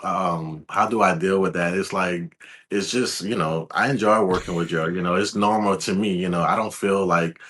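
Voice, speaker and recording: A laid-back young man from Louisiana, answering interview questions as a guest in a calm, soft-spoken way. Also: deep voice, normal speed. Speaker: guest, videographer.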